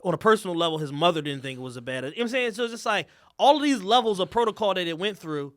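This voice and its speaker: A man's voice: high-pitched, lively intonation, rapid-fire, fairly bright tone, no room sound, studio quality. A man co-hosting a podcast, making emphatic arguments in casual, profane slang. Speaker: podcast co-host. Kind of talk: casual chat.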